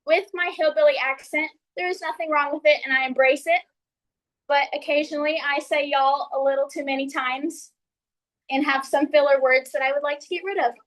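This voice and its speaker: High-voiced Texan woman giving a speech. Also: steady tone, fairly quick, a bit bright, rough recording. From San Antonio, Texas. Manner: friendly, earnest, laughs between points. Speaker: Toastmasters speaker. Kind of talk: ice-breaker speech.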